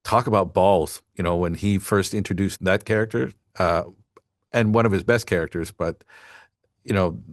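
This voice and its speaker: A man's voice: sits low, steady tone, moderate pace, dry recording, studio quality. A man hosting a podcast, rambling in casual chat with many asides. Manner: rambling, full of fillers and asides. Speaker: podcast host.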